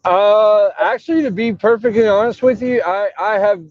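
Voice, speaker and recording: A man's voice: high-pitched, moderate pace, no room sound, dull audio. A man, a wrestling referee, talking casually in an interview over a breaking-up mobile call, rambling with lots of fillers and restarts. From Texas. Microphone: phone while traveling.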